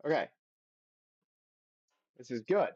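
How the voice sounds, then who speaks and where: A man's voice: medium pitch, animated, takes it slowly, darkish tone, husky, no echo, lo-fi sound. A man hosting a podcast on his own, reading results aloud and then giving blunt, profane opinions in a casual recap. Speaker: podcast host.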